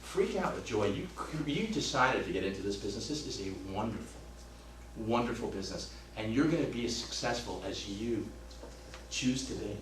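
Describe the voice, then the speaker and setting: A man in his fifties giving an emphatic motivational talk as a real estate trainer, swinging between loud urging and hushed storytelling. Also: on the low side, lively intonation, normal speed. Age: 50s. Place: training room. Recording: roomy, distant mic, faint hum.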